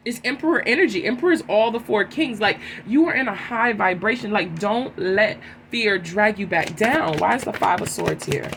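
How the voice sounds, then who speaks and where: A woman giving a collective tarot reading, talking in an emphatic, animated way and often asking "right?". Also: medium pitch, moderate pace, vocal fry, few pauses, noisy background. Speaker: tarot reader.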